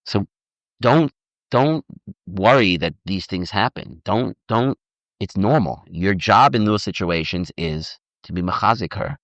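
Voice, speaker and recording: A man giving an informal lecture as a rabbi, animated and repetitive, often acting out little dialogues, on a dull, dry recording. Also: lowish voice, unhurried, dry recording. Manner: animated, repeats words, acts out dialogue. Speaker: rabbi teaching on marriage. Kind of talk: informal lecture with audience questions.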